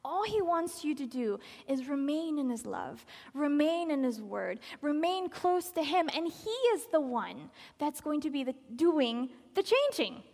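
A woman with a high voice delivers a sermon with animated, expressive energy. She acts out quoted lines and sometimes drops to a soft, almost whispered tone for emphasis. Her voice rings with a long reverb from a large hall. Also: a little slow, creaky, few pauses. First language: Spanish.

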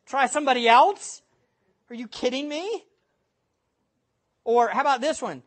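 A preacher giving a sermon, speaking emphatically and reading scripture aloud, building at times to loud exhortation. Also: high voice, measured pace, pauses often.

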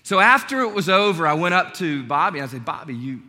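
Pastor guy preaching, bright voice a bit high, big echoey church hall, chatty storytelling. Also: fast. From North Carolina. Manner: conversational, storytelling, animated asides. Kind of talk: sermon. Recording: long hall reverb.

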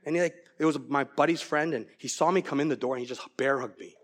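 A middle-aged man preaching a sermon as pastor, earnest and growing animated as he tells a story. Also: mid-range voice, fast talker.

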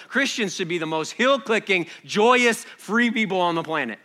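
A man preaching a sermon, reading scripture softly and then building to loud, excited exhortation with rhetorical questions. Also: high voice, moderate pace, few pauses.

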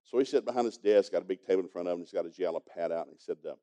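A man's voice: low voice, rapid-fire, dark tone. A man preaching a sermon, telling a folksy story and chuckling as he goes. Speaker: pastor teaching a congregation.

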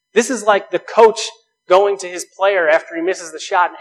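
Man, pastor, sermon, high-pitched voice, earnest, rhetorical questions. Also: moderate pace, rough recording.

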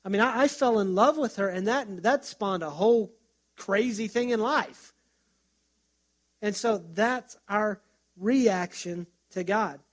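A man's voice: high voice, slow. A middle-aged man, a pastor, preaching in a conversational way and telling stories, with frequent restarts. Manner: conversational, storytelling with self-restarts. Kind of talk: sermon.

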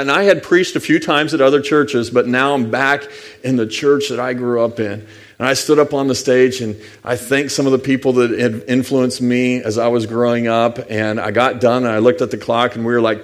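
Conversational male pastor preaching a sermon. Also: mid-range voice. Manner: storytelling, conversational, with scripture readings.

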